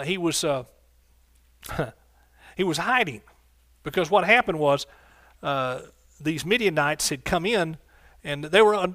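A man's voice: on the high side, a bit bright, dry recording, clean studio sound. A man preaching a sermon as pastor, fervent and exclaiming, calling out to his congregation. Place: church sanctuary.

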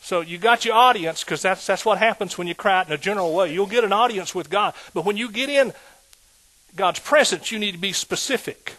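A man preaching a sermon in a lively call-and-response manner, asking the congregation questions. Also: high voice, brisk.

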